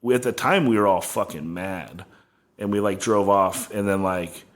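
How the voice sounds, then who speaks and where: A man's voice: low voice, normal speed. A man in casual podcast chat, rambling through a tour story with constant "like" fillers.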